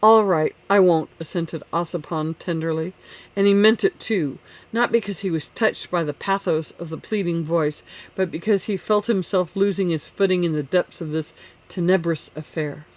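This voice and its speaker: Audiobook narrator, measured classic-novel storytelling, mid pitch. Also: darkish tone.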